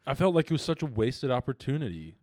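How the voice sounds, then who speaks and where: A man's voice: medium pitch, big pitch swings, fast, darkish tone, no echo, studio quality. A young man chatting casually as a podcast co-host, rambling and swearing often. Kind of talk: casual chat.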